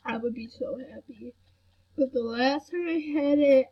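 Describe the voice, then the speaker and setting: Sick young-sounding woman vlogger, slightly high, slow soft rambling delivery. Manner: soft-spoken, rambling with many fillers. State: sick with a headache. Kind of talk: casual chat to camera. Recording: dull lo-fi recording.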